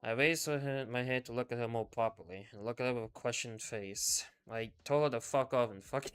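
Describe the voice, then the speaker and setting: Subdued man reading a story, smooth voice. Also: a little fast, hardly any pauses, faint music behind. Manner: subdued, low-key reading with casual swearing. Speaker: VTuber streamer. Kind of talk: reading a game story aloud in first person.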